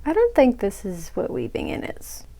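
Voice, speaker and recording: Gravelly yet mellow, a young woman's medium-pitched voice swings hugely in pitch as she talks at normal speed over poor audio. As a crochet tutorial host, she casually covers a pattern step by step, chatty and self-mocking in her asides, dropping to a whisper when talking to herself.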